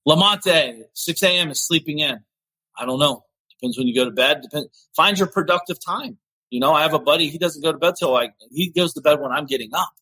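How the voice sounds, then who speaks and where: A man's voice: a little high, bright, forceful tone, no echo, low-quality recording. A man hosting a podcast, giving an earnest, emphatic motivational talk and getting emotional as he speaks. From Ohio, USA. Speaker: podcast host.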